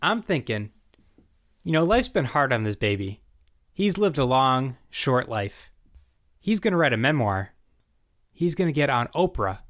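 A man's voice: mid-range voice, sing-song, a little slow, long pauses, a bit bright, dry recording, studio quality. A man hosting a comedy podcast, leading the segments in a playful, casual way. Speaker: podcast host.

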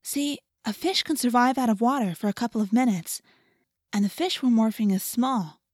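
A woman voicing a gentle, easily frightened teenage girl, her voice raised high and soft. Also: normal speed, no echo, clean studio sound, natural voice. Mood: tentative.

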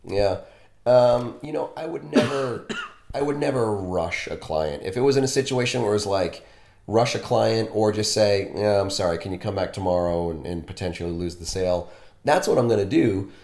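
Gravelly-voiced man telling a work story. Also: on the low side, lively intonation, normal speed, darkish tone. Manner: candid storytelling, self-deprecating. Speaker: body piercer. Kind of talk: casual conversation. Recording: echoey room.

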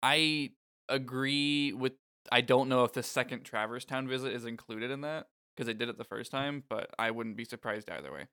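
A man's voice: mid-range voice, normal speed, pushed and bright, smooth. A man co-hosting a casual podcast, recapping a video game scene by scene, joking and laughing often. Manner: joking, laughs often, reads lines aloud. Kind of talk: casual chat.

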